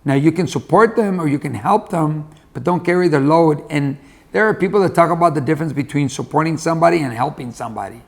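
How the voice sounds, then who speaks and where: Gravelly-voiced motivational storyteller man. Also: on the high side, quick pace. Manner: folksy, conversational, repeats points. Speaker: motivational speaker.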